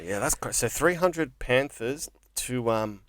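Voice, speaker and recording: A man in casual podcast chat, chatty and profane, quick to jump in with comments. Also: mid-range voice, animated, a bit bright, no room sound.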